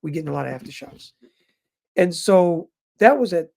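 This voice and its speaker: Guy in his 50s telling his viewers a story, calls em brothers, kinda raspy fry in the voice. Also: fairly high pitch, moderate pace. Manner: animated, addresses viewers as brothers. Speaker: vlogger living in Japan.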